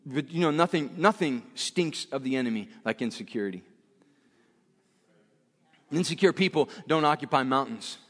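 A man's voice: medium pitch, animated, moderate pace, pauses often, fairly bright tone, in a large hall. A man preaching a sermon in a church, emphatic and repetitive, often restarting his phrases.

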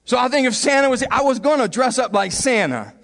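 A man preaching a sermon, animated and funny, acting out little scenes in different voices and laughing often. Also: extremely high pitch, a little fast, long reverb tail. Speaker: pastor.

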